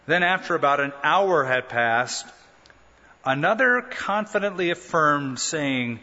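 A man's voice: on the high side, animated, unhurried, pushed and bright. A man preaching a sermon, teaching in a conversational way with rhetorical questions and humorous asides. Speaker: pastor. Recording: dull lo-fi sound with long hall reverb.

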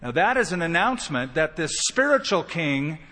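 A man's voice: fairly high pitch, big pitch swings, normal speed, sharp tone, in a large hall. A man preaching a sermon as pastor, emphatic, raising his voice to act out quoted lines.

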